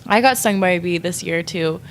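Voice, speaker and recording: A woman's voice: fairly low pitch, brisk, a little hiss or hum. A young woman, a guest artist on a podcast, telling a rambling story in casual chat, full of "like" and laughing often.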